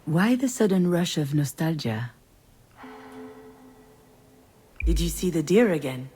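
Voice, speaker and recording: A woman's voice: low voice, expressive, moderate pace, dark tone, slight background noise. A woman voicing a wry, anxious middle-aged woman in a video game, speaking earnestly and with feeling. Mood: worried. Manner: earnest, emotional storytelling.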